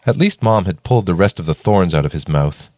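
A man narrating a children's story in a playful, expressive way. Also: low voice, quick pace, no echo, studio quality.

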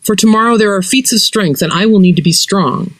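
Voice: mid-range voice, brisk, a bit bright, dry recording, pitched above the performer's own voice, lightly acted. A narrator voicing a pregnant young woman who is stubborn, practical and wry, in a dry, close audio story.

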